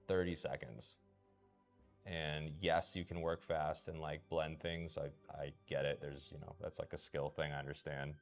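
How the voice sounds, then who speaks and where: Deep-voiced man casually chatting while painting. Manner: laid-back, swears often, chants and whispers to himself while he works. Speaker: painter streaming live. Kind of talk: casual live-stream chat while painting.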